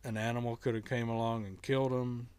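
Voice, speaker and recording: A middle-aged man casually telling a story to camera in a halting, earnest way, often restarting his sentences. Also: medium pitch, flat delivery, darkish tone, smooth. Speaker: vlogger telling a kitten rescue story.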